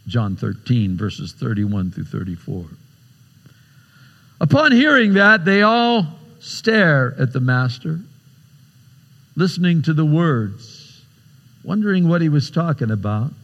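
A man preaching a sermon, retelling a scripture story dramatically with big swings in pitch and loudness. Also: sing-song, takes it slowly, pauses often, long reverb tail, lo-fi sound.

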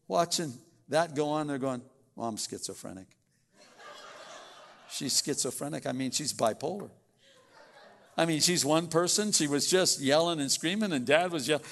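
Gravelly-voiced man preaching a folksy sermon. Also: a little high. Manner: folksy, acts out little scenes in quick voices. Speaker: pastor.

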